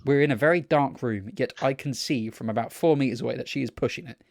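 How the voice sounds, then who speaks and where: A man's voice: medium pitch, quick pace, creaky, no room sound, studio quality. Sweary young man telling a story. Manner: sweary, animated storyteller mimicking people. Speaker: podcast co-host. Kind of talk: casual storytelling chat.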